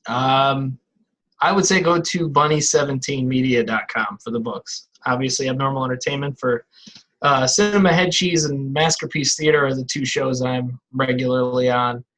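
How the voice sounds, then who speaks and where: A man's voice: medium pitch, normal speed, a bit bright, rough recording. A man appearing as a podcast guest and author, talking in an easygoing, encouraging way. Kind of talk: casual chat.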